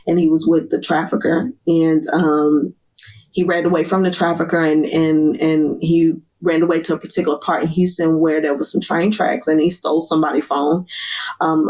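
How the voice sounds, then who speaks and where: A woman guest giving an earnest, emotional personal testimony, pausing often with fillers. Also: sits low, darkish tone, slightly rough.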